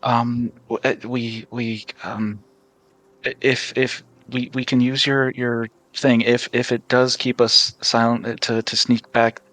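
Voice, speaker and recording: A man's voice: medium pitch, little pitch movement, takes it slowly, fairly bright tone, no echo, low-quality recording. A man describing his character in a tabletop game, hesitant and full of restarts. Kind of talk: casual role-play narration.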